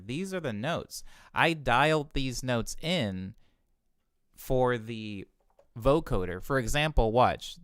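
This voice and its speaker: A man's voice: mid-range voice, clear, resonant tone, no room sound, studio quality. A man, a music producer, explaining his vocal chain step by step in a casual tutorial, stopping now and then to correct himself. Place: home music studio.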